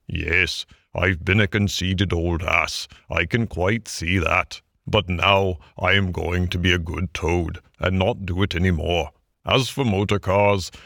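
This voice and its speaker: A man voicing a boastful but humbled male toad, speaking low, soft and slow. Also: vocal fry, no echo, clean studio sound, exaggerated voice. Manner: hangdog, humble.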